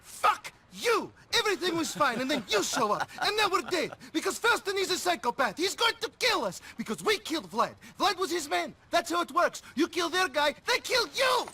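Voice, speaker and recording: An actor playing a frantic, paranoid cousin who yells in panic in a video game. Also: male voice, normal speed, hardly any pauses, full character voice. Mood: panicked. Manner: shrill, frantic yelling. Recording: game audio with steady background noise.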